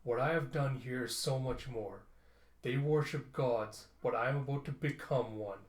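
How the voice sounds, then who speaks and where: A man voicing a proud male inventor who turns desperate, read slowly and grandly from a comic. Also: medium pitch, natural voice. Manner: slow, grandiose reading of lines. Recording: roomy echo.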